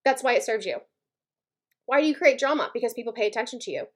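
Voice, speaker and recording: A woman with a high voice hosts a motivational podcast and lays things out bluntly. She speaks with worked-up intensity and keeps checking in with her listeners through quick "okay?" and "right?" tags. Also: expressive. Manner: blunt, emphatic, frequently asks "okay?" and "right?". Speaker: podcast host.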